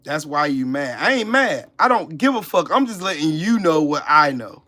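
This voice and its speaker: A man's voice: fairly high pitch, big pitch swings, moderate pace, pushed and bright. A man hosting a livestream, ranting with heated profanity and scolding people in his chat. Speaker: channel host. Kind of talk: livestream commentary rant.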